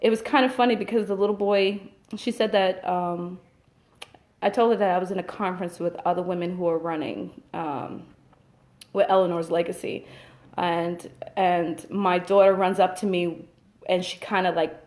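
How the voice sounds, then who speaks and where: A woman's voice: lowish voice, steady tone, normal speed, darkish tone. A woman hosting a casual live stream from home, telling stories with lots of fillers. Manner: chatty storyteller, many fillers. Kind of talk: casual chat. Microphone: webcam or phone, live stream.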